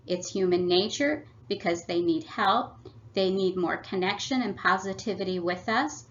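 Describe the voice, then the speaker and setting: A woman at an ordinary pitch reads a scripted parenting workshop in a measured, teacherly manner. The recording is slightly dull and lo-fi. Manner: measured, instructive reading. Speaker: family workshop presenter. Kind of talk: scripted read-aloud presentation.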